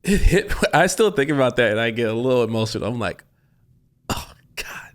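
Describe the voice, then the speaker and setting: A man's voice: mid-range voice, expressive, fast. A man, an actor, chatting as a guest in a casual interview, telling stories animatedly and acting out his own reactions, with rambling restarts. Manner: rambling with frequent restarts and laughs.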